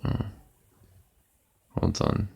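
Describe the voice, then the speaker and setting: A tired, yawning man chatting on a casual live stream in a lazy, deadpan monotone. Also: extremely slow. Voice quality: monotone delivery. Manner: lazy, low-energy, deadpan. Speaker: livestreamer. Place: at home, lying back comfortably.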